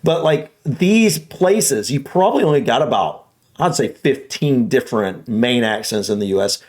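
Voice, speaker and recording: A man with a mild Southern US accent, chatting casually on a reaction video, rambling and repeating words as he thinks aloud, a bit hoarse. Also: mid-range voice, lively intonation, moderate pace, darkish tone. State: slightly hoarse.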